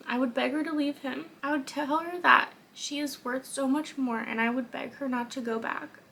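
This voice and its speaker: A woman's voice: high voice, steady tone, normal speed, creaky, pushed and bright, a little hiss or hum, voice pushed up, full character voice, low-quality recording. A woman reading the lines of a heartbroken young man from a novel, earnest and tender.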